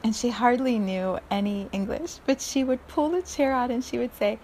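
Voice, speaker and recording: A woman hosting a reflective spiritual podcast, speaking softly and often near a whisper, laughing now and then. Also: on the high side, a little hiss or hum. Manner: slow, soft, often breathy and near-whispered, with frequent laughs. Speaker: podcast host.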